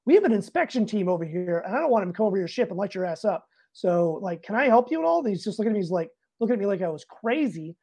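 An animated man spins a casual yarn as a podcast guest, jumping into other people's voices as he quotes them. He swears freely and lets his pitch leap when the story heats up. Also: rapid-fire, hardly any pauses. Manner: animated, profane, acts out both sides of dialogue. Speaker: podcast guest, Navy master chief. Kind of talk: casual anecdote in an interview.

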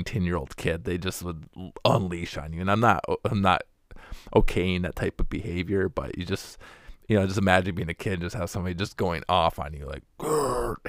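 A man's voice: sits low, creaky, no room sound, clean studio sound. A man telling wry, candid stories about going door to door as a preacher, acting out the people he met. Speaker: former door-to-door preacher telling his story. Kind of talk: casual storytelling monologue.

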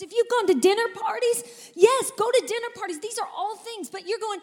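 A woman pastor preaching a sermon to a congregation in a church, with energetic, emphatic delivery and repeated phrases. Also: very high-pitched, a little fast. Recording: reverberant church hall.

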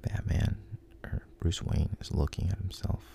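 A man softly retelling a story, unhurried, with frequent pauses and restarts. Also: low voice, fairly even intonation, vocal fry, whispered. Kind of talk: whispered storytelling.

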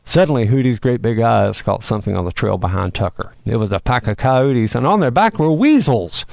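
A man hosting a show and reading a children's Christmas story aloud in a folksy, expressive way. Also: mid-range voice, brisk, vocal fry, no room sound. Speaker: host and storyteller.

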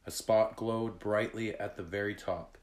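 A man narrating a children's chapter book aloud in a deliberate read-aloud manner. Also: on the low side, steady tone. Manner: slow, deliberate reading.

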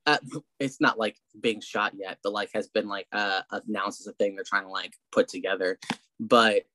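A man's voice: lowish voice, fairly even intonation, moderate pace, sharp tone, dry recording. A man co-hosting a casual movie review podcast, rambling and swearing and slipping into mocking voices. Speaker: podcast co-host.

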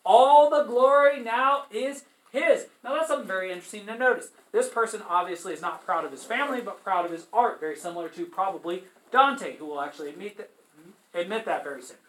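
High, bright-voiced male teacher lecturing. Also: expressive, fast, reverberant, rough recording. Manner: conversational, asks students rhetorical questions. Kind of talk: literature lecture with read-aloud passages.

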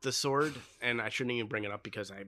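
A man talks casually on a podcast, offering trivia and opinions in a chatty way. His tone is bright and forceful, and the recording is dry and close. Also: medium pitch, quick pace, no room sound. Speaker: podcast co-host. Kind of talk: casual chat.

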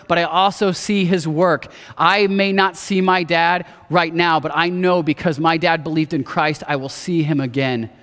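Man in his thirties preaching in a reverberant hall. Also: a little high. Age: 30s. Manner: earnest personal storytelling, drops soft for quotes. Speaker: pastor. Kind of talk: sermon. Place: church auditorium. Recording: long reverb of a church hall.

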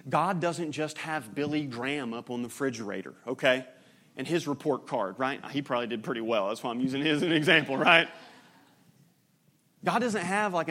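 A man, a pastor preaching a sermon in a conversational, animated way with frequent "right?" asides. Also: fairly high pitch.

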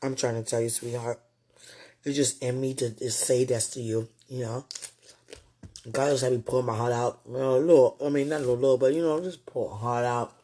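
A man with a husky voice, pouring his heart out in rambling, tender late-night talk about faith. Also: medium pitch, fairly even intonation, a little fast, mellow. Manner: rambling and tender, full of "you know".

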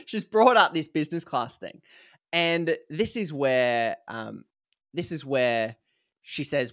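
A man's voice: a little high, slow pace, long pauses, a bit bright, no room sound, studio quality. A man retelling a story on a podcast, acting out the quoted lines, with lots of fillers. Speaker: podcast co-host telling a story. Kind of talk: casual storytelling chat.

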